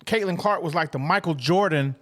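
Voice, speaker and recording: A man from Atlanta co-hosts a casual sports talk show, speaking with a high-pitched voice. He talks in an animated way and repeats words as he restarts his sentences. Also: a little fast. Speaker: podcast co-host.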